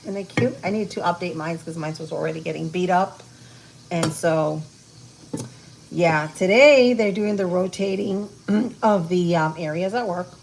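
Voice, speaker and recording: A woman's creaky, darkish, lowish voice moves at a measured pace as she hosts a casual cooking livestream at home, talking with viewers while she cooks. Frying and sizzling sound in the kitchen, with slight background noise.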